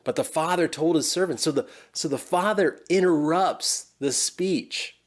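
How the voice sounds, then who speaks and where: A man preaching a sermon in an earnest way, acting out the quoted lines and sinking to a soft hush as he appeals to listeners. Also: on the high side, unhurried. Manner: earnest, animated when quoting, drops to a soft hush near the end.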